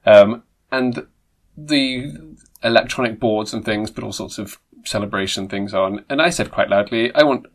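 A man's voice: lowish voice, moderate pace. A man from England in casual chat, telling stories with dry, self-mocking humour and frequent laughter. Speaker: podcast co-host.

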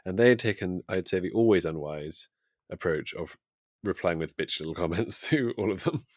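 A man's voice: sits low, moderate pace, no room sound, studio quality. A man, co-hosting a podcast in casual chat, wry and teasing with arch understatement. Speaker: podcast co-host.

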